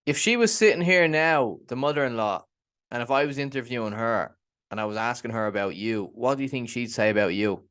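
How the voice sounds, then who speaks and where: A man's voice: medium pitch, expressive, a little fast, fairly bright tone, smooth. A man hosting an interview and asking direct, probing questions.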